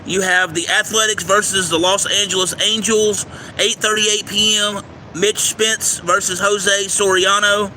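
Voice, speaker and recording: A man hosting a livestream, reading out a game schedule and his picks in a steady list, sometimes stumbling over names, recorded outdoors near a railway. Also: high-pitched, a little slow. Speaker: livestream host giving baseball picks. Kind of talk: casual livestream commentary. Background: faint traffic and train noise.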